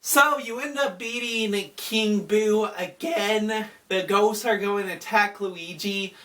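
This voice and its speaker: Slow, chatty woman recapping a game. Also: medium pitch, recorded from a distance. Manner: chatty, relaxed, frequent fillers. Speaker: gaming video host.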